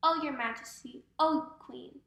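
A woman voicing a gruff huntsman with a soft heart, muttering his lines. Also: high voice, unhurried, exaggerated voice. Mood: fawning. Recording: roomy echo.

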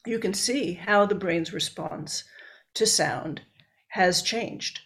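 A woman researcher talks through her findings slowly and carefully, one step at a time. Her voice has a gravelly, fry-tinged edge. The pitch sits in a middle range. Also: a bit bright. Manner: measured, explaining step by step. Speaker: researcher and book author. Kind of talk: explanatory interview talk.

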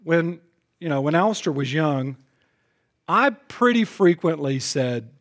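A pastor preaches a sermon emphatically, often repeating words at the start of phrases. He alternates between loud, punchy lines and soft, lowered asides, speaking expressively and a little slowly.

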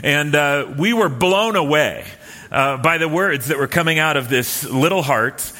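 A man preaching a sermon in a relaxed, storytelling way, with many fillers and restarts. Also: a little high, measured pace, in a large hall. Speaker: pastor. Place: church hall with live and online audience.

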